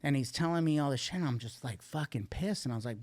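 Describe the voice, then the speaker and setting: A man's voice: on the high side, quick pace, few pauses, no echo. A man guest on a podcast, candidly telling a rambling, profanity-laced story about addiction and recovery. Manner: profane, blunt, rambling with restarts.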